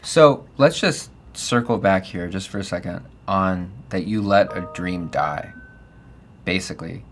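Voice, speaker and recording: A man's voice: low voice, unhurried, soft background music. A middle-aged man hosting a casual interview, affirming his guest and reflecting on faith and family. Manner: affirming, frequent "yeah", reflective. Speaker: podcast host.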